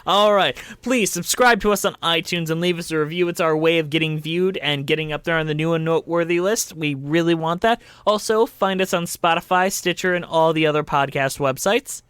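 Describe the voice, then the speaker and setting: A man's voice: fairly high pitch, fairly quick, hardly any pauses, fairly bright tone, clear, resonant tone, no echo, studio quality. A man co-hosting a podcast in casual chat, laughing often as he talks. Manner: giggly, laughs often while talking. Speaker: podcast co-host.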